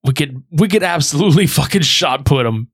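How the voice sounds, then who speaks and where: A man's voice: on the high side, lively intonation, fairly quick, breathy edge. A man co-hosting a casual podcast chat in a laid-back, profane, joking way.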